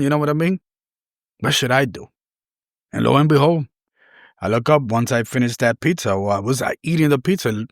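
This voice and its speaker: A man's voice: medium pitch, no room sound, studio quality. A man, hosting a podcast and telling a personal story in an earnest, rambling, conversational way. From New York City. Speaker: podcast host.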